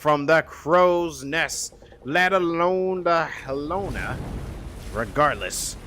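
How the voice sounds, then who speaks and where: Streamer doing a frustrated old-salt pirate captain, slow and grand, pitch swooping, noisy background. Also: male voice, animated, pushed and bright, heavily acted. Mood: commanding.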